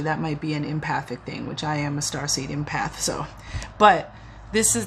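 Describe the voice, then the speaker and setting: A woman's voice: fairly low pitch, a little hiss or hum. A woman giving a spiritual oracle reading in an earnest, rambling way, often restarting and getting emotional. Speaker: tarot reader.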